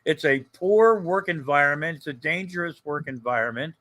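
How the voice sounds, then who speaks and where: A man's voice: on the high side, expressive, normal speed, sharp tone. An older man co-hosting a casual livestream chat, joking, rambling and swearing freely. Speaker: co-host.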